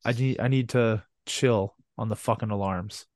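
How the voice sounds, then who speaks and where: A man's voice: fairly low pitch, steady tone, normal speed, a little mellow, no room sound, studio quality. A man, co-hosting a podcast in casual chat and telling rambling, profane stories. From Canada. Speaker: podcast co-host.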